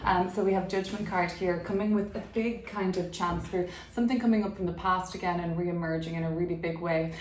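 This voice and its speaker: A chatty woman with a low-pitched voice giving a casual tarot reading, talking freely with plenty of fillers. She records in an echoey room at home, with a faint hum behind her. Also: steady tone, fairly quick, hardly any pauses. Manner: chatty, filler-heavy, laughs easily. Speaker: tarot reader. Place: her apartment.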